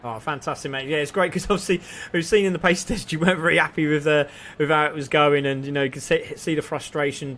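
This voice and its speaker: Excitable high-voiced race commentator. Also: male voice, a little hiss or hum. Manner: excitable, rising with the action. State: voice going hoarse. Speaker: sim racing commentator.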